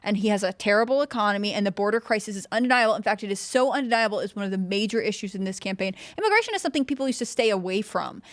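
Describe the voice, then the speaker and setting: A woman co-host in casual panel chat, playful and chatty with quick asides. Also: mid-range voice, no room sound. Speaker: show co-host.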